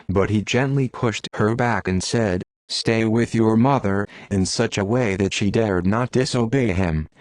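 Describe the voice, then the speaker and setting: A man reading a classic novel aloud in a measured, steady narration. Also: on the low side, no echo. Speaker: audiobook narrator. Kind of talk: scripted narration. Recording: dry close sound.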